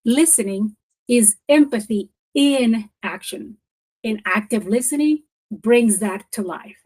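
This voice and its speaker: A woman with a slightly high voice presents a professional development webinar. Her delivery is lively and encouraging, like a coach. She leans on key words and repeats them for emphasis. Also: takes it slowly, breathy edge, low-quality recording.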